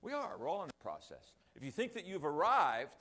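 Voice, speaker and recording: A man's voice: fairly high pitch, huge pitch swings, a little fast, bright, forceful tone. An older man preaching a sermon to his congregation, with rambling, self-deprecating asides. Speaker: pastor. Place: church sanctuary.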